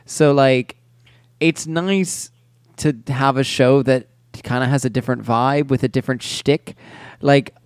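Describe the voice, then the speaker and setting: A man co-hosting a casual podcast, talking in halting, hesitant phrases. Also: mid-range voice, fairly even intonation, clear, resonant tone, no room sound, studio quality. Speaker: podcast co-host. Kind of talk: casual chat.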